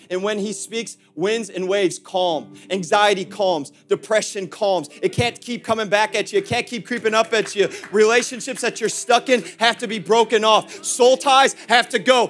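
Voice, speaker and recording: High-voiced preacher swinging loud to hushed. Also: male voice. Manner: impassioned preaching with sudden shifts from shouting to hushed; playful asides to the congregation. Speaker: pastor. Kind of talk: sermon.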